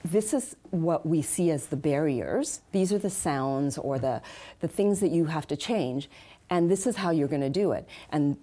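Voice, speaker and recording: A woman with a low, mellow voice explains how speech is taught, steady and practical. She talks in a measured way, pausing on fillers as she works through each point. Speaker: accent and speech specialist. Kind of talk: interview answers, explanatory.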